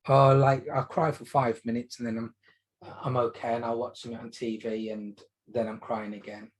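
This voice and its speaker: A man playing a low, tearful young male patient in a role-play demonstration, speaking quietly and trailing off. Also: little pitch movement, normal speed, close to an everyday voice. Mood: downcast.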